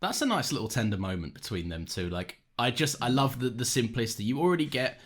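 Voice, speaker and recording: A man co-hosting a podcast in casual chat, quick to act out characters in short put-on voices. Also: medium pitch, sing-song. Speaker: podcast co-host.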